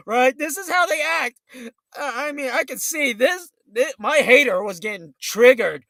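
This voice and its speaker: Fiery high-voiced male talk host. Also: lively intonation, measured pace, vocal fry, bright, forceful tone, dry recording. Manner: fiery, blunt, combative. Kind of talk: political talk show rant.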